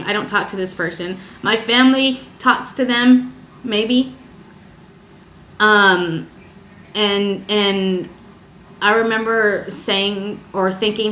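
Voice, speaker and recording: A young woman telling a personal story in a confessional vlog, halting and hesitant, emotional as she searches for words. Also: fairly high pitch, bright, forceful tone, slight background noise. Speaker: vlogger. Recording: echoey room.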